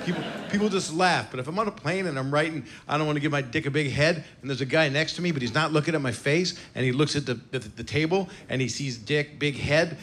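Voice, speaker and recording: A man's voice: fairly high pitch, quick pace, few pauses, fairly bright tone. A man in his sixties doing a stand-up comedy set, brash and self-mocking with crude punchlines, recorded live in a comedy venue. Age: 60s. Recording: live club recording with crowd noise. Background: audience laughter and cheering.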